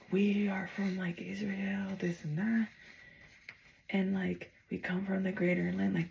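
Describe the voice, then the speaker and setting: A young woman casually retelling a strange dream, chatty and full of "like", sometimes mumbling softly and sometimes getting heated. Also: medium pitch, gravelly, low-quality recording. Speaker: storyteller recounting a dream.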